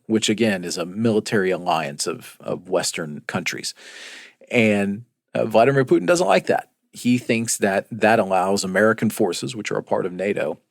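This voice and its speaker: Measured low-voiced male podcast co-host. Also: creaky, no room sound, studio quality. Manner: measured, explanatory, frequent "uh" fillers. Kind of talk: casual news discussion.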